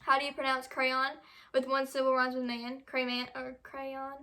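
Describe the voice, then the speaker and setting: A woman's voice: high-pitched, completely flat delivery, brisk, pushed and bright. Young woman reading quiz questions aloud. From United States. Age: young adult. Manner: reads questions aloud, stumbles over words. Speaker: vlogger.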